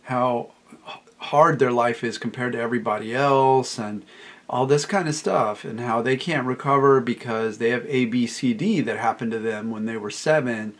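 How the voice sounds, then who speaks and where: Middle-aged guy, recovery coach talk, mid pitch, emphatic, keeps repeating himself. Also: normal speed. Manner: emphatic, repeats phrases, quotes clients in a raised voice. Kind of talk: solo talk to camera.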